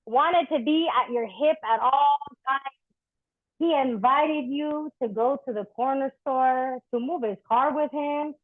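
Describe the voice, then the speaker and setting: At a live poetry event, a woman with a high voice performs spoken-word poems and chats candidly between them, swearing freely. The recording is thin, dry and phone-like, with no echo.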